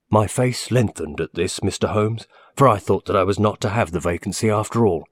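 A man reading a classic story aloud in the first person, measured and expressive. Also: fairly low pitch, no room sound, clean studio sound. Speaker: audiobook narrator.

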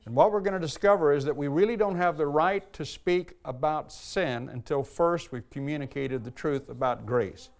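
A man preaching a sermon as pastor, earnest and emphatic, slowing down and lifting his voice to stress key lines. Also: a little high. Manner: earnest, emphatic preaching, slows and lifts voice when reading aloud.

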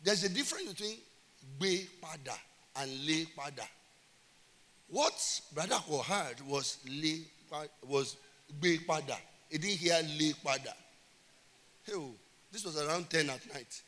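A man's voice: fairly high pitch, sharp tone. A man preaching a sermon as pastor, emphatic and calling out to his congregation. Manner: emphatic preaching with call-and-response. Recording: reverberant church hall.

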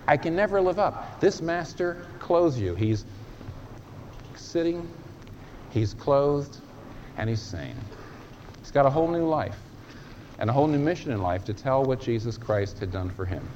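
A male preacher delivering a sermon with an emphatic, lively delivery, his pitch rising and falling widely. The recording is dull and lo-fi, with a faint hiss. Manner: emphatic, animated preaching with dramatic pauses.

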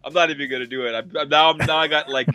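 A man's voice: fairly high pitch, steady tone, racing, bright, forceful tone, smooth, dry recording. A man hosting a podcast, opening with a sing-song hype intro, then chatting in a playful, rambling way. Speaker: podcast host. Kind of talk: casual chat.

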